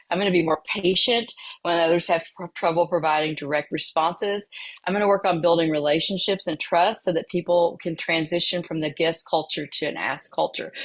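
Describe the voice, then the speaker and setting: A woman who works as a mental health therapist, presenting a workplace training in a conversational way, with everyday stories and the odd filler. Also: on the low side.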